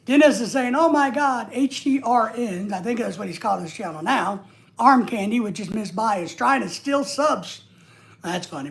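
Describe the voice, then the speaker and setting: Casual livestream host, man, voice sits a bit high, joking and rambling while reading comments aloud. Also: normal speed, gravelly, a bit bright. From United States. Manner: rambling and joking, with frequent restarts.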